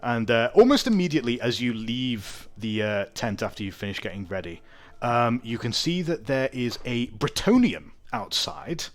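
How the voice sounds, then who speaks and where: A man's voice: medium pitch, sing-song, moderate pace. A man narrating as game master of a tabletop game, chatty with many fillers.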